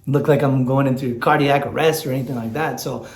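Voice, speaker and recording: A man's voice: medium pitch, steady tone, a little fast, echoey room. A man talks candidly in a personal vlog, teary and rambling, with lots of fillers and restarts. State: teary, choked up. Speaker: vlogger. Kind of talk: emotional personal vlog talk.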